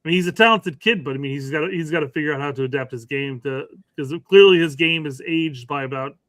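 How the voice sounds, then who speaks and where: A man's voice: on the high side, fast, a bit bright, no echo. A man co-hosting a soccer podcast, giving frank, opinionated takes. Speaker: podcast co-host. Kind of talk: casual soccer talk.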